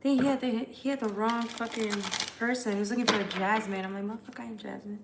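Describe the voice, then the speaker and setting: A woman's voice: on the high side, fast, background noise. A woman hosting a casual live stream as a tarot reader. She chats loosely with viewers, swears freely, and reads their comments aloud. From United States.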